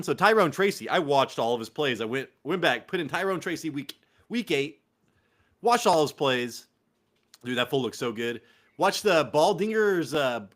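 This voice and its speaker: Young Californian man, podcast host, slightly high voice, swears and laughs a lot. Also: a bit bright. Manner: loose, profane, laughing banter. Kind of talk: casual fantasy football chat.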